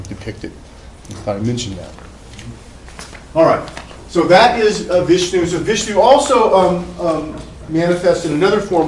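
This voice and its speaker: A man's voice: a little high, a little mellow, low-quality recording. A man giving a classroom lecture, telling a story in a conversational way with many fillers and restarts. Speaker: professor.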